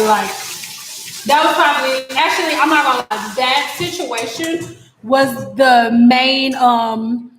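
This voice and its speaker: A woman's voice: a little high, a bit bright. A young woman, a hairstylist, telling a long story in a casual vlog at home, rambling with many restarts and a lot of "like". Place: home, cooking while talking. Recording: very echoey room.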